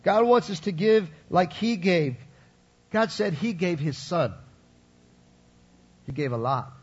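A man's voice: high voice, expressive, takes it slowly, breathy edge, highs cut off. A man preaching a sermon to his congregation in a conversational way, checking in with asides to the listeners. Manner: conversational preaching, frequent "right?" and "you follow?" asides. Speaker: pastor.

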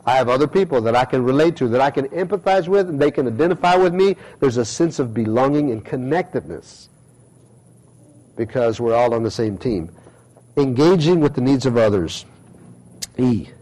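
A man's voice: medium pitch, expressive, moderate pace, darkish tone, poor audio. A middle-aged male pastor giving a conversational sermon, acting out everyday quotes as he preaches.

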